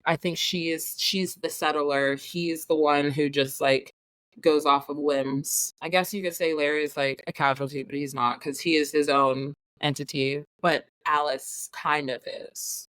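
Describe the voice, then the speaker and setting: A woman guest on a podcast talking casually about a film, animated, laughing often and acting out her own reactions. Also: sits low, a little slow, no room sound.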